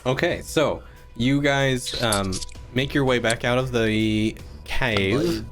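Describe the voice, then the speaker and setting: Slow, laid-back male game master. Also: medium pitch, music in the background. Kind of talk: narrating a tabletop game on a stream.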